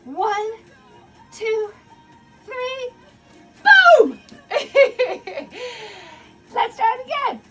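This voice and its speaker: Drawing out her words and pausing often, a woman with a very high-pitched voice guides children through a dance storytime in her basement. She stays playful and encouraging, laughing frequently and making animal sounds, with faint music behind.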